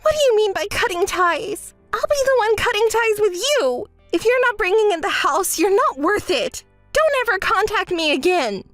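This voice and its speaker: A woman acts out a spoiled, entitled young woman who whines and shrieks in a high voice. Her pitch swings wildly from line to line. The recording is dry and close, with faint music behind. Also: sing-song, a little slow, no echo, heavily acted. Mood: furious. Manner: shrill, whiny and shouting.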